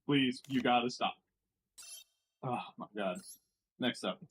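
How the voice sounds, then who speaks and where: An American man streaming casual commentary as he reacts to online posts, sarcastic and quick to laugh, sometimes mocking French words. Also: medium pitch, fairly bright tone, breathy edge, rough recording.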